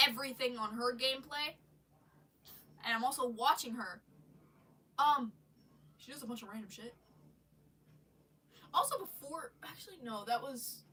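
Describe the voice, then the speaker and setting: Bright-voiced woman ranting, stuffy nose. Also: sits high, recorded from a distance, slight background noise. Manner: rambling, swearing, frequent restarts. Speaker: streamer. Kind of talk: casual live-stream rant. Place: bedroom.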